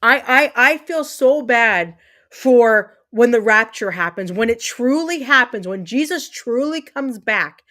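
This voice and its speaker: A woman's voice: fairly high pitch, animated, measured pace, a bit bright. A woman in her thirties hosting a livestream, ranting with emphatic, repetitive, heated speech and swearing as she fumes. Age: 30s. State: fuming. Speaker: livestream host. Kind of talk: angry livestream rant.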